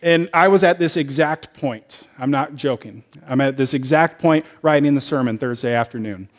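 A man's voice: medium pitch, normal speed. A man, a pastor, preaching a sermon and telling personal stories in a conversational way. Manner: conversational storytelling, personal anecdotes.

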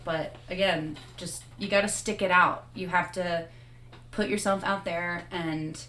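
A woman guest on a radio talk show, speaking earnestly in a halting way with frequent restarts. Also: on the low side, fairly even intonation, pushed and bright, reverberant. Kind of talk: casual conversation.

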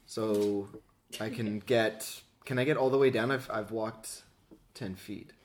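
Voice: medium pitch, fairly even intonation, slow pace. A tabletop game player who talks hesitantly, thinking aloud about moves and rolls.

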